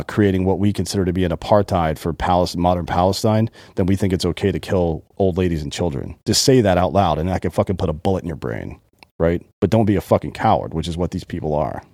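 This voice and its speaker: A man's voice: low voice, brisk, dark tone, no room sound, clean studio sound. A man co-hosting a podcast in casual chat, blunt and profane, talking with heavy emphasis. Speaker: podcast co-host.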